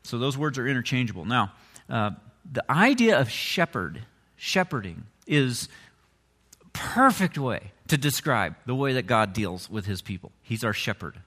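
A man preaching a sermon as a pastor, talking conversationally and swinging from quiet asides to emphatic, rising points. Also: mid-range voice, very animated, measured pace, long reverb tail.

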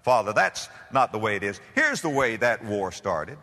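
A man's voice: fairly low pitch, big pitch swings, normal speed, sharp tone, voice pushed down, exaggerated voice. A man voicing an offended housewife who argues back at her husband. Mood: indignant. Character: indignant housewife, middle-aged woman. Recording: reverberant hall.

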